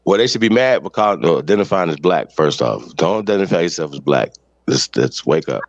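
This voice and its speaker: A man's voice: deep voice, lively intonation, fairly quick, no room sound. A man hosting a podcast, delivering heated, profane, confrontational commentary. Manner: ranting, blunt, confrontational. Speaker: podcast host. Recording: dull lo-fi sound, dry.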